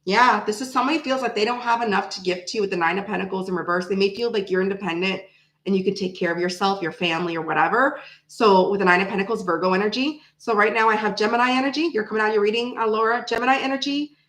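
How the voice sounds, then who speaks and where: A woman's voice: mid-range voice, quick pace, fairly bright tone, roomy sound, rough recording. A woman doing a casual tarot reading to the camera, thinking aloud and repeating her phrases as she pulls cards. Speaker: tarot reader.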